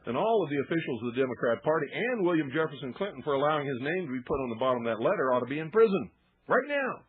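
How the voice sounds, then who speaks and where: A man's voice: medium pitch, breathy edge. A man hosting a talk radio show with an indignant, emphatic ranting monologue. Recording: phone-band lo-fi radio broadcast.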